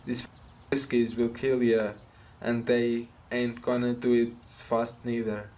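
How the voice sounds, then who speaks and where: A man voicing a gruff, protective mobster who scolds bluntly and swears while reading game dialogue aloud. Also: medium pitch, little pitch movement, takes it slowly, darkish tone, close to an everyday voice. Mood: scolding.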